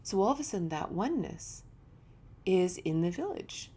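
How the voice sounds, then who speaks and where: A woman yoga teacher giving a reflective spiritual talk, telling stories in a relaxed, conversational way. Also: fairly low pitch, normal speed, breathy edge.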